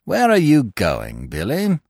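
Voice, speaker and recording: A man playing a gentle, wry plainclothes cop. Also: fairly low pitch, wildly swooping pitch, unhurried, creaky, dry recording, studio quality, heavily acted. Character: gentle, dry-humored male plainclothes police officer.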